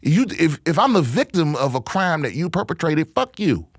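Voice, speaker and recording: This comedian hosts a podcast and riffs through a vulgar, meandering comic rant in a relaxed monologue, frequently restarting. His fairly high, slightly rough voice swings widely in pitch at a moderate pace. The audio is dry, clean studio sound.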